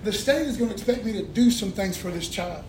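A man's voice: sits high, lively intonation, brisk. A male pastor preaching a sermon in a folksy call-and-response style, with casual asides to the congregation. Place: church. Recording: echoey room, faint room noise.

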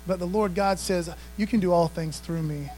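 High-voiced man preaching a sermon. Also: moderate pace, darkish tone, soft background music, poor audio. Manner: conversational preaching, frequent call-outs to the congregation. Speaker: pastor.

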